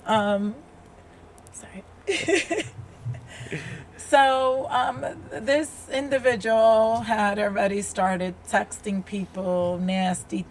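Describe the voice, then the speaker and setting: A woman speaks as a podcast guest, telling her own story with earnest, open feeling. Her pace is unhurried and deliberate, her pitch sits in a middle range, and a faint background noise lies under the voice. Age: adult with a child. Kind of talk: personal storytelling in a podcast interview.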